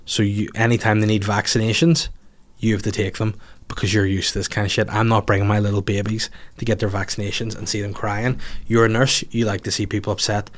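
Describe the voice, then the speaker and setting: A man's voice: fairly low pitch, level tone, a little fast. A man telling a long, rambling story in casual chat, swearing and laughing at himself as he goes.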